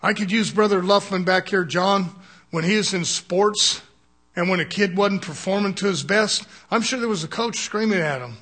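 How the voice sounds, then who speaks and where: An older male preacher with a notably high-pitched voice delivers a sermon. His talk is folksy and loose, broken by chuckles and frequent calls for an "Amen." He speaks as a plain-spoken pastor addressing his congregation. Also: moderate pace, bright, forceful tone.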